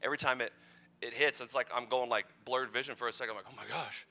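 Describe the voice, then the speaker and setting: A man's voice: medium pitch, steady tone, quick pace, pushed and bright. A man in his thirties giving a playful, conversational youth sermon full of personal stories. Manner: playful, conversational, teasing asides. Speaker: youth pastor.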